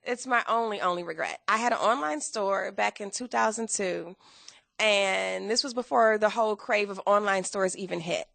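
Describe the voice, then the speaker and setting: Gravelly-voiced woman telling her story. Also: medium pitch, normal speed, dry recording. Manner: animated, acts out quoted dialogue with laughs. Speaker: interview guest, entrepreneur. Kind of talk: casual storytelling interview.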